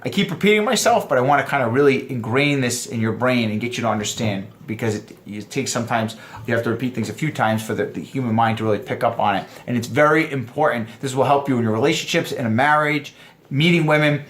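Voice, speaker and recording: A man giving dating advice to other men, lively and explaining point by point, acting out quoted lines in funny voices. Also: mid-range voice, fast. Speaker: dating coach. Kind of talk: instructional vlog talk.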